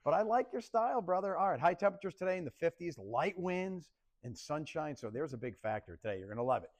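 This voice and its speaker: A man's voice: on the high side, fast talker. A man presenting a casual TV weather forecast, joking and laughing with a co-host. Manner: playful, animated, laughs often. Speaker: TV meteorologist.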